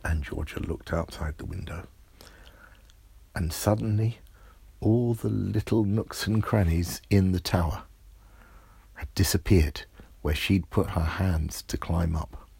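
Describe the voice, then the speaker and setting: A man telling an improvised bedtime story in a soft voice that often drops to a whisper. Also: low-pitched, measured pace, gravelly, pauses often, husky, no echo.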